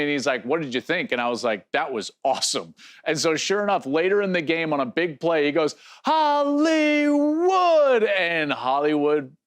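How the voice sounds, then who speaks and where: A middle-aged man hosting a sports show, answering fan questions in a casual, animated way with fillers and restarts. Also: on the high side.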